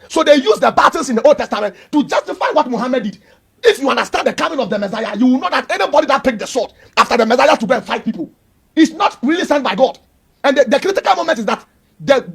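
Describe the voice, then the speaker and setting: A man's voice: very high voice, animated, quick pace, vocal fry, husky. A man, arguing emphatically and preachily in a heated religious debate and repeating his points. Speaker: Christian debater.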